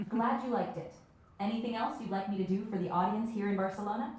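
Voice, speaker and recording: A synthetic woman's voice with a mellow, warm tone. She answers requests in a cheerful, willing way. It plays through speakers in a very echoey hall. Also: mid-range voice, fast. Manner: cheerful and obliging. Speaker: AI avatar voice.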